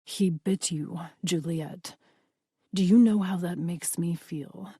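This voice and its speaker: A woman voicing a possessive male vampire lord with a silky, quietly threatening manner, in an audiobook. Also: lowish voice, takes it slowly, husky, no echo, clean studio sound. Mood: menacing. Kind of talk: audiobook dialogue reading.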